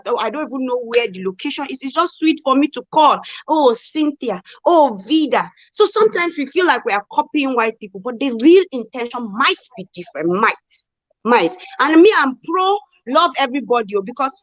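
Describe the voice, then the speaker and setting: A woman's voice: high-pitched, very animated, a little fast, a bit bright, dry recording. A woman from Nigeria, co-hosting a casual live chat and arguing her points emphatically with rhetorical questions. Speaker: co-host.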